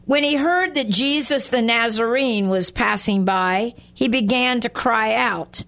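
A woman's voice: on the high side, a little slow, few pauses. Fields: Sex: woman. Role: Christian radio host. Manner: animated, acts out scripture scenes in lively voices and laughs often. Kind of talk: Christian radio talk and Bible teaching.

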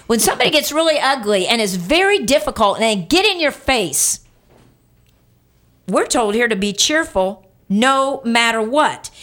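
A woman pastor preaching a sermon in an emphatic, lively way, asking her listeners questions. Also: fairly high pitch.

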